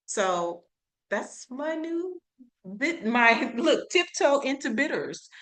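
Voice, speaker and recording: A woman chatting loosely on a talk show, laughing easily as she shares tips. Her voice is bright and forceful and sits a little high. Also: takes it slowly. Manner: relaxed, chatty, laughs often. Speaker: co-host of herbal talk show. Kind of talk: casual chat.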